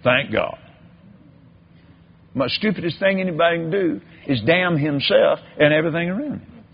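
Folksy preacher man, gravelly and husky. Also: a little high, moderate pace. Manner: drawling, repetitive, preacherly. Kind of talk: folksy sermon with storytelling. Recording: dull lo-fi sermon recording.

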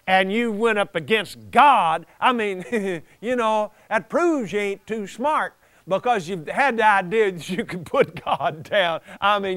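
A man preaches a folksy sermon in a very high voice, chuckling as he tells the story. His pitch leaps and swoops with animation, and he takes his time, spoken slowly. The sound is dry and close, with no room around it. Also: a bit bright, dry recording.

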